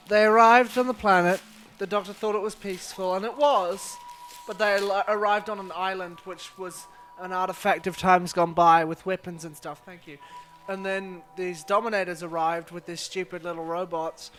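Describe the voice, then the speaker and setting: A man's voice: sits high, steady tone, normal speed, a bit bright, a little hiss or hum. A man co-hosting a casual review chat in a playful, teasing, sarcastic way. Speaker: co-host of a review show.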